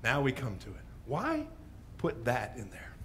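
Animated male pastor preaching. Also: medium pitch, measured pace, slight background noise. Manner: animated storyteller, dropping to hushes. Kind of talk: sermon. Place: church.

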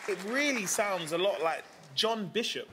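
A man's voice: sits high, lively intonation, moderate pace, crowd noise, noisy background. A man on a TV guessing panel, playful and teasing.

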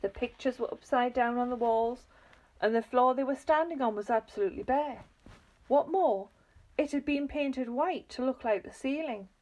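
Lively woman reading a children's book. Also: sits high, moderate pace. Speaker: reader.

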